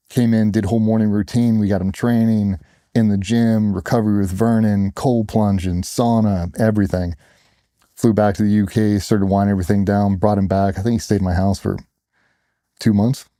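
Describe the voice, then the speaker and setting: A man's voice: lowish voice, mellow, no echo, clean studio sound. A man candidly telling a personal story in an interview, blunt and plainspoken, acting out other people's lines as he goes. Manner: blunt, plainspoken, retells dialogue in quotes.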